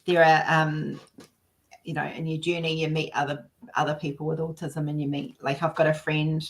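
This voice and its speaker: A woman's voice: sits low, flat delivery, moderate pace. A woman, hosting a casual live chat and telling rambling stories, often acting out what others said.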